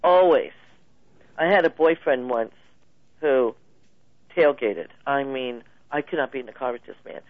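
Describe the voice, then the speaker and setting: A woman guest telling stories in a casual interview, lively and laughing often. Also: extremely low pitch, a little slow, pauses often, no room sound. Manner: animated storyteller, laughs often. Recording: tinny phone line, dry.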